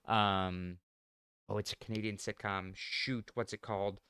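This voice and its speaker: A man chatting casually as a podcast co-host, his voice smooth and resonant. He gets riled up and swears freely, and the dry, close sound has no room in it. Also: on the low side, flat delivery, unhurried, bright, forceful tone, no echo. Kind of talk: casual chat.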